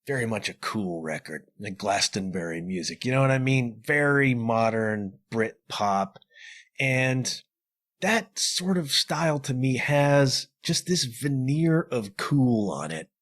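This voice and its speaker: A man in his forties talks through two albums as a guest reviewer, lively and chatty. He keeps checking in with the listener with a quick "okay?". His voice sits in an ordinary middle pitch. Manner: animated, conversational, frequent "okay?" asides. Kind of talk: casual music review.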